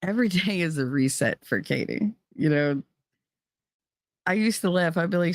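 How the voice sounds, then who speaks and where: A woman's voice: low-pitched, very animated, normal speed, dry recording, clean studio sound. A middle-aged woman with a New Jersey accent, talking candidly and bluntly on her podcast, swearing freely. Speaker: podcast host, parent. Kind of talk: casual candid talk.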